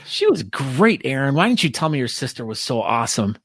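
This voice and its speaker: A man's voice: medium pitch, very animated, a little fast, no echo, clean studio sound. A man co-hosting a podcast over a video call, teasing his co-host in playful banter. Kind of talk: casual chat.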